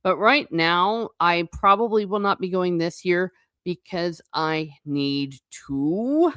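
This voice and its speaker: A woman's voice: fairly low pitch, lively intonation, slow, fairly bright tone, clean tone, dry recording, studio quality. A woman who used to teach, hosting a casual livestream, chatting loosely, laughing often and reading out viewer comments. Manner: chatty and rambling, laughing often, self-correcting. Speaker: livestream host; former teacher.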